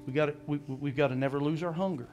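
A man preaching a sermon as pastor, animated, acting out scripture voices and asking the congregation questions. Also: on the high side, fast, over music.

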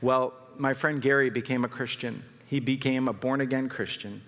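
A man's voice: medium pitch, steady tone, normal speed, fairly bright tone. A man preaching a sermon as pastor, telling stories and rising to fervent emphasis. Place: church hall. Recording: long hall reverb.

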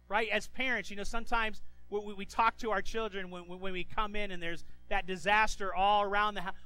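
A man preaching a sermon as pastor, animated and given to stammering restarts, who acts out the voices of people in the story. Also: sits high, normal speed, no room sound, soft background music, poor audio.

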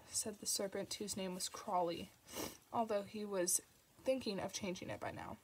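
A woman narrating an audiobook in a soft, unhurried reading manner, sometimes tripping over names. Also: mid-range voice, steady tone, a little hiss or hum, rough recording. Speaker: audiobook reader.

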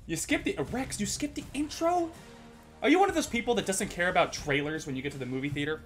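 Excitable swearing streamer guy. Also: sits high, fast, soft background music. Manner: excitable, swears a lot, jokey. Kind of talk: casual gaming livestream chat.

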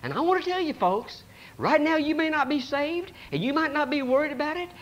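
Man, preacher, very high voice, lively, folksy, dramatic sermon. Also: fairly quick, lo-fi sound. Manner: dramatic, swings between loud and hushed; folksy, plain-spoken.

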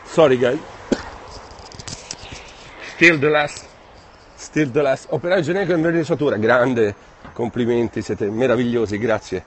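A man with an Italian accent, chatting casually in a live stream while walking outdoors through city streets. He reads viewer comments aloud and speaks in a friendly, halting way. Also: medium pitch, fairly even intonation, slight background noise. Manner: friendly, chatty, halting non-native phrasing.

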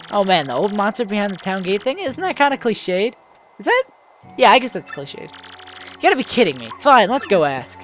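Gaming host, young woman, high bouncy voice, chatty, faint music behind. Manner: chatty, stumbling restarts, excitable. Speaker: let's play host. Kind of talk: casual gameplay commentary. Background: faint game music.

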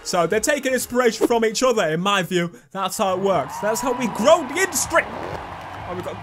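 A young man giving cheeky, sweary, excitable commentary while playing a video game. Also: sits high, normal speed. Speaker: gaming YouTuber. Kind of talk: casual gameplay commentary. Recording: game music playing underneath.

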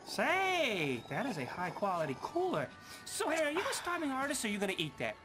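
A man voicing a chatty, scheming male seagull in a game, fast and jokey. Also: high voice, wildly swooping pitch. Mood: wisecracking. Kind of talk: cartoony game voice acting. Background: game music.

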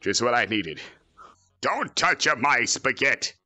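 Male actor as a brash, foul-mouthed villain, bright tone, boasting. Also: mid-range voice, very animated, a little slow, heavily acted. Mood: cocky. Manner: boastful, crude, joking. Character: cocky arrogant male android villain, gamer. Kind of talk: fan parody voice acting.

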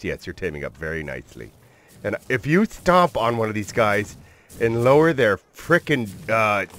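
A man giving excitable let's-play commentary as a gaming channel host, swearing mildly and talking to his viewers and the creatures he tames. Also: mid-range voice.

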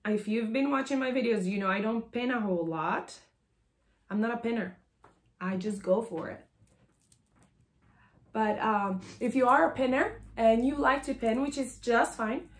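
A woman in her thirties talks through a sewing tutorial at home, her throat sore and a little strained. She chats loosely, wandering into asides and filling pauses with "um." The room around her is bare and echoey. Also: a little high. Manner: chatty and rambling, many "um"s and asides. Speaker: sewing pattern designer demonstrating a project. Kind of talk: casual sewing tutorial chat.

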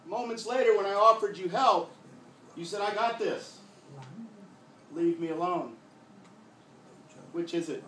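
A man's voice: high voice, unhurried, pauses often, sharp tone, a little hiss or hum, voice pushed up. A man voicing a stern inner voice that lectures and accuses in a blunt, matter-of-fact way. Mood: scolding. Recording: echoey live room from far off.

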